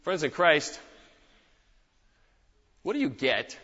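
A man preaching a sermon as pastor, in a measured, gentle way with reflective pauses. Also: a little high, sing-song. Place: church. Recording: dull sound with long hall reverb.

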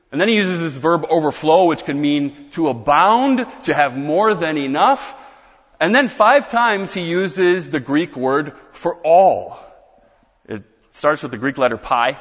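A man's voice: on the high side, a bit bright, big-room sound, lo-fi sound. A man preaching a sermon as pastor, explaining scripture in a conversational teaching manner with casual asides.

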